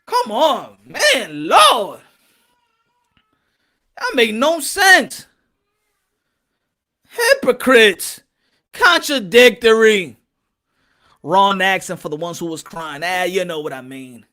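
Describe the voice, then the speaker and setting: A man's voice: high-pitched, sing-song, takes it slowly, long pauses, pushed and bright. A man hosting a boxing talk show, ranting heatedly with profanity and repeated phrases. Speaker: boxing commentator.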